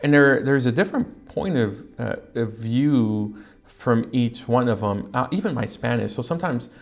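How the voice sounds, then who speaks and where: Gravelly-voiced pastor, halting and casual. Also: male voice, medium pitch, animated. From California, USA. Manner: halting, with many fillers and restarts. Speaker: pastor of a Spanish-speaking church. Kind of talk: casual podcast conversation.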